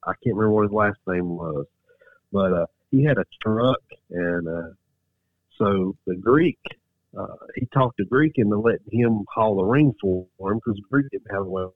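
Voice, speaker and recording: A man's voice: lowish voice, moderate pace, no echo. A male guest chatting casually, hesitant and full of ums as he recalls stories. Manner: hesitant, many ums and uhs. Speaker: guest, wrestler. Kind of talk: casual chat. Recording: tinny phone line.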